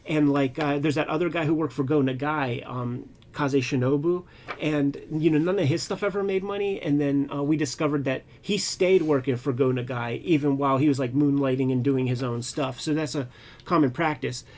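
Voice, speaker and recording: A man co-hosts a casual comics talk show, speaking from his own experience as a cartoonist. His voice sits a little high for a man. He talks in a loose, animated way, full of slang and cheerful profanity. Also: moderate pace. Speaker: co-host, cartoonist. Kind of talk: casual chat about comics.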